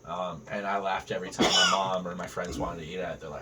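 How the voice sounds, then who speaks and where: A man's voice: deep voice, fairly even intonation, quick pace. A man chatting casually on a podcast, telling joking stories about travel. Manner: storytelling, joking. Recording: distant mic with faint room noise.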